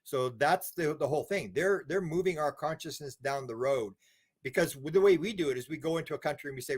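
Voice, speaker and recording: A man's voice: on the high side, quick pace, slightly rough. A man being interviewed, telling long rambling stories, repeating words and acting out quotes. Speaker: interview guest. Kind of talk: casual interview talk.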